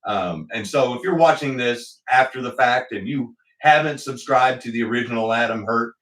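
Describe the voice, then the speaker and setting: A man's voice: mid-range voice, moderate pace, a bit bright. A man talks casually through a home livestream, rambling with plenty of ums and uhs and greeting his viewers in the chat. His voice sits in an ordinary middle range. It comes from a distance across an echoey hobby room, as if caught by a camera mic. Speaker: livestream host. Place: home hobby room with slot car track.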